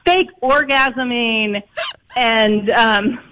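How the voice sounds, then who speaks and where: A man from Chicago is a guest author in an interview. He tells anecdotes briskly, with lots of little fillers. His voice has a bright, forceful edge. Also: very high-pitched, a little hiss or hum, rough recording. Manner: lively anecdote-telling with fillers. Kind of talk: storytelling interview.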